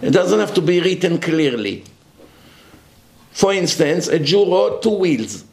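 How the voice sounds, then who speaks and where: A man's voice: high-pitched, big pitch swings, a little slow, vocal fry, echoey room, slight background noise. A man giving a religious lecture, emphatic and full of rhetorical questions.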